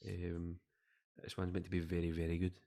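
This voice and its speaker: A Scottish man with a low, deep voice co-hosts a podcast. He rambles in loose, jokey chat and often trails off mid-sentence. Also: monotone, fairly quick, dark tone. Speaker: podcast co-host. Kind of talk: casual chat.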